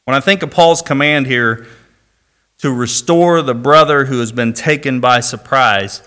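A man's voice: mid-range voice, a little slow, pushed and bright, clean tone. A middle-aged man from Indiana preaching a sermon, reading scripture and then telling a personal story with dry humor. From Indiana, USA.

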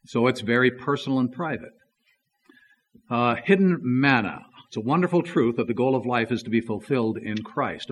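A man's voice: medium pitch, a bit bright. Conversational male preacher. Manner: conversational, tells a joke story, fillers. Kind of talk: sermon.

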